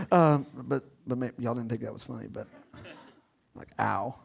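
A male pastor preaching a sermon in a lively, playful way, talking with the congregation and swinging between hushed and loud delivery. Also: medium pitch, measured pace, vocal fry, slightly rough. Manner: animated, swings from whispers to shouts.

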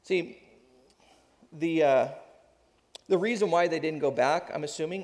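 A pastor, a man in his thirties, giving a conversational sermon with lively asides. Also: a little high. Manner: conversational preaching, animated, quick asides. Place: church sanctuary. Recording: long hall reverb.

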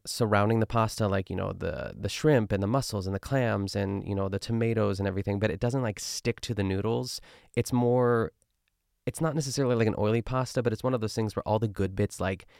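A man's voice: lowish voice, gravelly, dry recording, clean studio sound. A young man hosting a podcast, recapping a cooking show in a rambling, chatty way full of fillers and asides.

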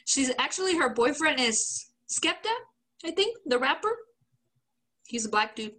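A woman's voice: high voice, sing-song, unhurried, bright, forceful tone, rough recording. A woman co-hosting a podcast, telling a story in casual chat, swearing and laughing often. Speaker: podcast co-host.

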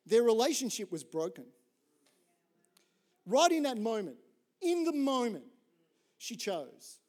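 A middle-aged man preaches with a fairly high voice. He tells his story in a lively, chatty way and keeps tossing "right?" to the listeners, moving easily between humour and earnest points. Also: slow. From Australia. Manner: animated, conversational, often asks "right?". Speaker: pastor. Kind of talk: sermon with storytelling.

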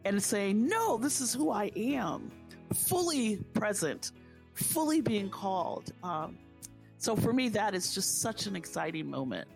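A woman of Haitian background speaking earnestly and warmly about her faith in a conversation, repeating phrases for emphasis. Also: mid-range voice, lively intonation, measured pace, gravelly, faint music behind. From Haitian family.

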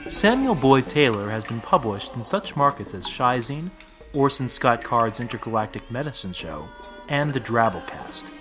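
A man's voice: mid-range voice, sing-song, normal speed. Man reading an author bio over music. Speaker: podcast announcer.

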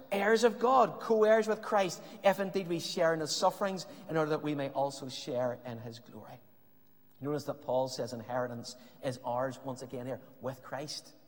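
A man preaching a sermon with impassioned, emphatic lines that sometimes drop to a hush. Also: fairly high pitch. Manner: impassioned preaching, rising emphatic lines, some hushed passages. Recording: long reverb of a hall.

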